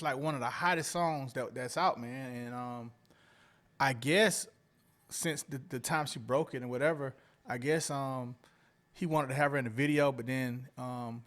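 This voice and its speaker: A man's voice: mid-range voice, fairly bright tone. A man from Atlanta, co-hosting a casual podcast and recounting news with many hesitant "um"s. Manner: recounts a story with many "um"s and "I guess"es. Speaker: podcast co-host.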